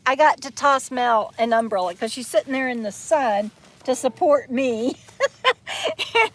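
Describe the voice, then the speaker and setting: Chatty woman, slightly high voice. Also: a little slow. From Texas. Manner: chatty, rambling, laughs often. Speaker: vlogger hosting a live chat. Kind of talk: casual live-stream chat. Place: outdoors in the shade beside an RV.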